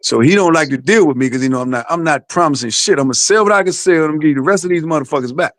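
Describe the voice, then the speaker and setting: A man speaking quickly in a slightly raised voice, rattling off a blunt, profanity-laced account in casual podcast talk. His delivery is dry and close, with no room sound around it. He is a boxer's father speaking his mind. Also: a little high, fairly bright tone, dry recording.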